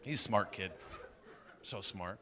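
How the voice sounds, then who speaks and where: A man's voice: sits low, unhurried, pushed and bright, a faint crowd, a little hiss or hum. A middle-aged man doing a stand-up comedy set, acting out voices of his wife and son. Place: live comedy stage with audience. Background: audience laughter.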